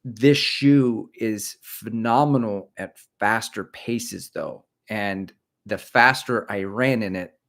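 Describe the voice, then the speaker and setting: A middle-aged man who hosts a running channel sits indoors on a creaky chair during a casual livestream, rambling self-mockingly about shoes. He speaks slowly in a lowish, slightly bright voice.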